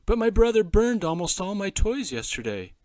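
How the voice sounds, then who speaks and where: A man doing a high, shouty little boy. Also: very animated, normal speed, no echo. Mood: sad. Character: small boy, poor and tearful. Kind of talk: children's storybook reading.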